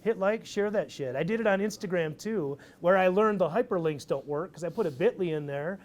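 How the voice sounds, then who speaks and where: A man giving a casual, energetic talk to an audience at a live event, swearing freely as he tells his story. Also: high-pitched, a little fast. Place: event stage.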